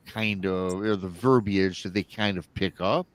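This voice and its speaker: Hosting a live show, a man retells a listener's story in a casual, rambling way, repeating himself and acting out the quoted lines. His voice is on the low side, animated and unhurried, and the recording is dry.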